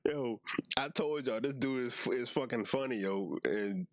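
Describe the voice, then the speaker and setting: A man's voice: mid-range voice, a little slow, no room sound. A young man doing casual reaction commentary in a slangy, laid-back way, mostly talking to himself. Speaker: YouTuber.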